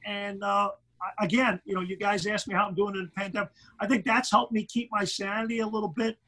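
A middle-aged basketball commentator with a Brooklyn accent, chatting animatedly in an interview and tripping over repeated words. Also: male voice, high-pitched, level tone, fairly quick, pushed and bright, poor audio. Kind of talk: casual interview chat.

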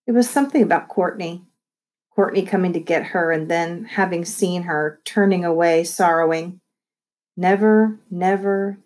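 A woman reading a novel aloud as narrator, gentle and measured. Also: medium pitch. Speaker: audiobook reader.

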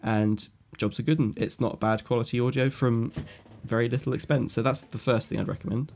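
Gravelly-voiced English tech podcast host. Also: male voice, medium pitch, fairly even intonation, brisk, a little mellow, a little hiss or hum. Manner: chatty, explains at length with fillers. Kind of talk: casual chat.

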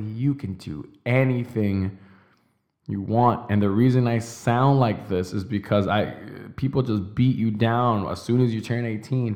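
A young man with a fairly low voice delivers a fired-up motivational monologue. He swears freely and slows right down to hammer home each declaration. He speaks in the intense, emphatic manner of a podcast host. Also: darkish tone. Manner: intense, emphatic, profane, with slow stressed declarations.

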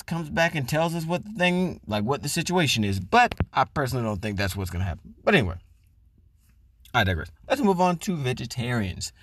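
A man's voice: medium pitch, no room sound. Profane ranting podcast man. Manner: loud, swearing, mocking. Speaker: podcast host. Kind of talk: profane comedic rant.

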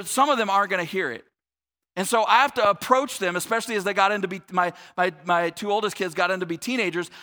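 A man in his forties preaching a sermon as a pastor, earnest, repeating words as he builds his point and dropping to a soft low voice to reflect. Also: big-room sound.

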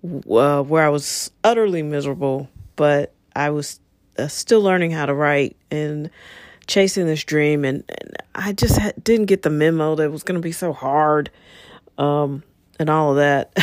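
A woman's voice: deep voice, no room sound, clean studio sound. A woman in her fifties hosting a casual solo podcast as a screenwriter, talking candidly and rambling with many fillers and asides.

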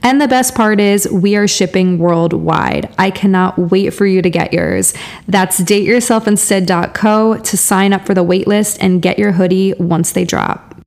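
A woman's voice: mid-range voice, measured pace, gravelly, darkish tone, slight background noise. A woman podcast host doing an emphatic, upbeat ad read for her merch. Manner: emphatic, repetitive, salesy.

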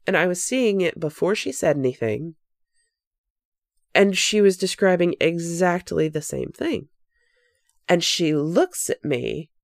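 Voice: medium pitch, gravelly, dry recording, clean studio sound. A podcast host telling a personal spooky story in a casual, earnest, reflective way, with fillers and self-corrections.

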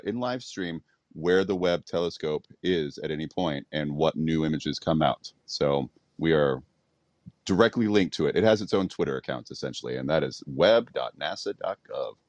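A man's voice: low voice, lively intonation, normal speed, no room sound. A man co-hosting a podcast, casually reading out sources with easy fillers. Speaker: podcast co-host.

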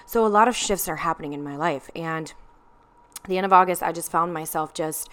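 Young woman, lowish smooth voice, candid vlog storytelling, casual fillers. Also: brisk, a bit bright. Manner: candid, confessional, with frequent ums and likes.

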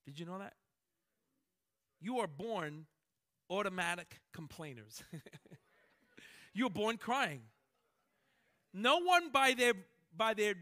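A man with a high-sitting voice preaches a sermon as pastor, animated and swinging between loud, emphatic lines and hushed ones.

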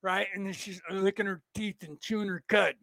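High-voiced man ranting profanely. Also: fairly even intonation, moderate pace, vocal fry, a bit bright, no echo. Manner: profane, rambling, laughing at his own jokes. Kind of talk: profane comedic rant. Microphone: desk setup.

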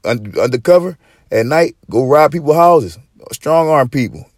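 A man's voice: a little high, lively intonation, moderate pace, no room sound. Profane rambling man on a dry mic. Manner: profane, rambling, with frequent restarts; preachy street-slang delivery. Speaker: podcast host. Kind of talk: casual podcast rant.

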